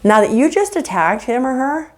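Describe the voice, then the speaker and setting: Animated woman giving marriage advice. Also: high-pitched, moderate pace. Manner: animated, earnest, acts out example dialogues. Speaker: marriage counselor. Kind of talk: faith-based relationship teaching.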